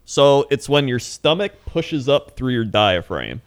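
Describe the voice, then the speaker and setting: A man's voice: mid-range voice, big pitch swings, a little slow, smooth, no room sound, studio quality. A young man in casual podcast chat, telling rambling stories and laughing often. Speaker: podcast co-host.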